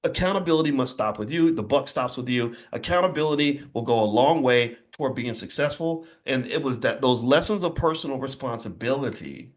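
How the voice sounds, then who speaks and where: Animated, emphatic male motivational speaker. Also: medium pitch, brisk, few pauses. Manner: emphatic, preacher-like cadence with repetition; folksy, blunt asides. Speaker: motivational speaker addressing a live audience. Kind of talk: motivational speech.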